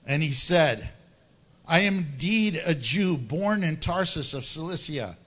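A man preaching a verse-by-verse sermon, acting out the people in the story and laughing often. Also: high voice. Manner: animated, acts out voices of biblical figures, laughs often. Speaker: pastor. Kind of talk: sermon, verse-by-verse Bible teaching.

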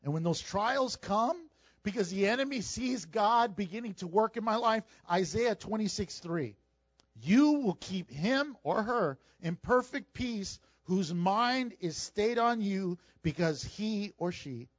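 A man with a high voice preaches in a chatty, emphatic way, tossing quick asides to the congregation between points. The sound is dry and a little dull, like a lo-fi recording. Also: expressive, no echo. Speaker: pastor. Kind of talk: sermon.

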